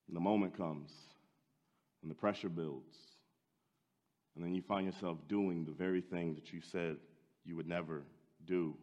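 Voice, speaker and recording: A man's voice: low-pitched, fairly even intonation, normal speed, long pauses, in a large hall, lo-fi sound. Dramatic male preacher. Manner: dramatic storytelling, swinging from loud to hushed. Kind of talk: sermon.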